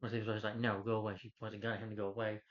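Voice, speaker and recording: A man's voice: lowish voice, completely flat delivery, very fast. Man rambling through a movie recap. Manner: rambling, loose retelling full of "he's like". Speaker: movie reviewer. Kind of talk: casual movie recap rant. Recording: dull lo-fi recording.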